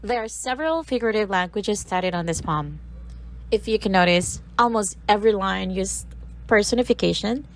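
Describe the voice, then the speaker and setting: A woman's voice: medium pitch, lively intonation, moderate pace, poor audio. A woman from the Philippines presenting a recorded literature lesson, reading a poem aloud and breaking down its sounds word by word.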